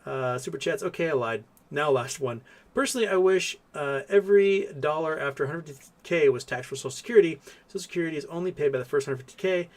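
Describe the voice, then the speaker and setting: A man's voice: on the high side, fast talker. A man, hosting a casual livestream, rambling through viewer questions with many fillers. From Texas. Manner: rambling, thinks aloud with fillers, coos softly to his cat. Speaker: livestream host reading super chats.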